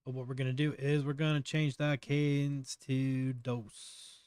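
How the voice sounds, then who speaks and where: A man's voice: medium pitch, level tone, unhurried, hardly any pauses, darkish tone, clean tone, no echo. A man hosting a casual live tutorial, muttering to himself as he works and chatting through explanations with fillers. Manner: muttering to himself while working, trailing off. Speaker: host.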